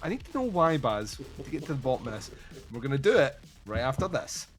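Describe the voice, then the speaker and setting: A man's voice: medium pitch, fast talker, music in the background. A man hosting a film podcast, chatting casually, swearing and acting out film scenes. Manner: swearing, animated, acts out scenes. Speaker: podcast host.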